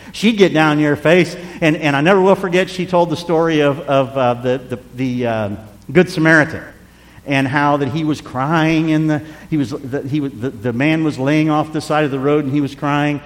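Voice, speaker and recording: A man in his sixties preaching a sermon, telling a personal story with animated delivery that drops to a hush at tender moments. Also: on the high side, big-room sound. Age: 60s. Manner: animated, drops to hushed tones for emotional moments.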